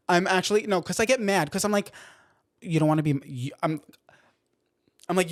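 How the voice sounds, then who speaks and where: Young male podcast host, slightly high voice, rambling and self-deprecating, dry recording. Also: a little fast, pauses often, no echo. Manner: rambling, lots of "like" fillers, self-deprecating venting. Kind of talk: casual chat.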